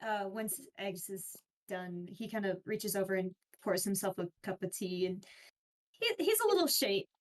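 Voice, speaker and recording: A woman playing a tabletop game, describing her character in a halting way with fillers. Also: mid-range voice, expressive. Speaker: player.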